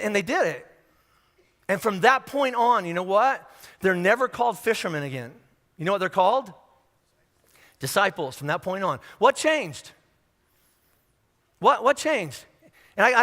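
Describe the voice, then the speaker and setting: A man's voice: sits high, animated, moderate pace, long pauses, bright, forceful tone. A man preaching a sermon in a conversational, humorous way, acting out little scenes as he talks. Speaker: pastor. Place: large church hall. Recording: echoey church hall.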